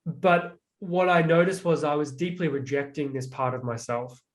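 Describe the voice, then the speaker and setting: A man's voice: fairly high pitch, normal speed. A man telling personal stories about emotional pain in a reflective, casual way, with many "like" fillers. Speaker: guest. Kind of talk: casual conversation.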